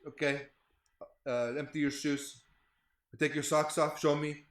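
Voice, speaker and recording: A man's voice: a little high, level tone, measured pace, voice pushed up, close to an everyday voice. A man playing a curt male border guard who barks short commands. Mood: commanding. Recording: roomy echo.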